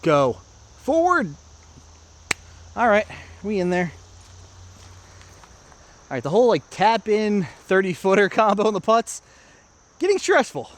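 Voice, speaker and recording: American guy narrating his round to the camera outside, kinda high voice, faint bugs in the back. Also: big pitch swings, moderate pace, long pauses, a little hiss or hum. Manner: chatty, self-narrating, talks to viewers. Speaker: disc golf vlogger. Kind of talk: casual play-by-play vlog. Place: outdoor park course.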